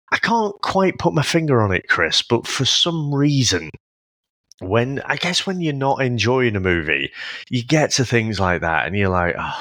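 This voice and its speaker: A man co-hosting a casual film podcast, talking in an animated way, chuckling and thinking aloud with restarts. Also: mid-range voice, no echo. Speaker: podcast co-host.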